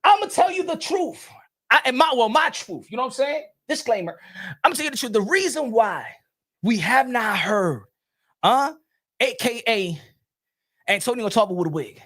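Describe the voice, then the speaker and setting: High-voiced, animated boxing channel host. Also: male voice, normal speed. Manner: animated, laughing, bursts of shouting, repeats lines. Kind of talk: comedic rant commentary.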